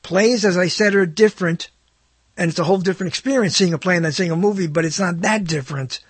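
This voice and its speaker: A man's voice: high voice, fast talker, breathy edge, dry recording. A man hosting his own talk show, rambling through a casual monologue with many self-interruptions and wry asides. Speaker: host.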